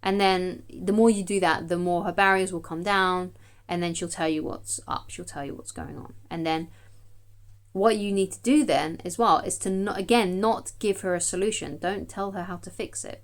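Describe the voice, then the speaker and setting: Chatty woman giving dating advice. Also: on the low side. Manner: chatty, emphatic, often asks okay. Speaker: dating coach. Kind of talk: direct-to-camera advice talk.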